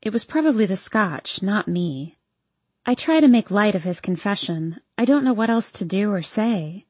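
A woman reading a first-person romance novel aloud in a soft, intimate storytelling manner. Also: mid-range voice, animated, normal speed, husky, no room sound. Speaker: audiobook narrator.

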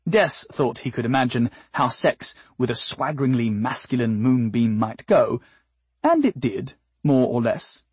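A man narrating an audiobook in a wry, deadpan storytelling manner. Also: mid-range voice, unhurried, slightly rough, no room sound.

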